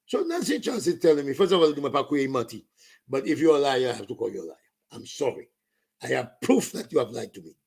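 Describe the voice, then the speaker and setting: A Saint Lucian political commentator delivers an impassioned rant, slipping into Creole and French. His medium-pitched voice is sing-song, gravelly and slightly rough, and he talks fast.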